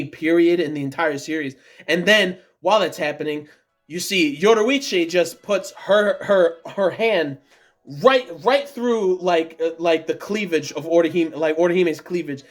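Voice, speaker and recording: A man reviewing an anime episode in a casual, rambling, excited monologue. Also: sits high. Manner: rambling, many fillers and restarts, excited. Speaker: anime reaction vlogger.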